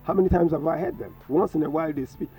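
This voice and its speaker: A man's voice: on the high side, fast, mellow. A man, a professor speaking as a guest on a radio talk show, emphatic and preachy, repeating his phrases. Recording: distant mic with faint music.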